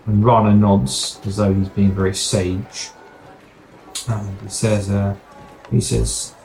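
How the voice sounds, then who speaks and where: Low-voiced man narrating his character. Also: level tone, slow, gravelly, a little mellow, a little hiss or hum, low-quality recording. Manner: wry, descriptive, with fillers. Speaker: tabletop game player.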